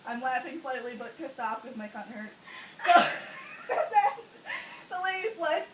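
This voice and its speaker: High, lively woman laughing through a story. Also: normal speed. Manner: laughs often mid-sentence, animated and crude. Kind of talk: casual comic storytelling. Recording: roomy sound from a distance with faint hiss.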